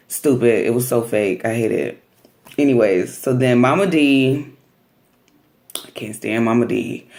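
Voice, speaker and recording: A woman vlogger casually recapping a reality TV episode in slangy, animated talk, often acting out what people said. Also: extremely low pitch.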